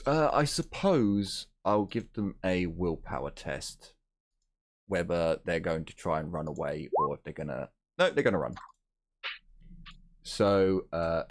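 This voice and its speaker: A man running a tabletop game as game master, narrating haltingly with many pauses. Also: low voice, animated, creaky.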